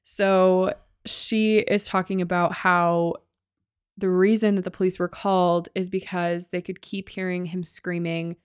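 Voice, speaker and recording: A woman with a lowish, resonant, clear voice talks unhurriedly in a level tone, recorded on a close mic with no echo. She's a podcast co-host casually retelling a ghost-hunting show, dropping "like" constantly and cursing now and then in a loose, sweary storytelling style.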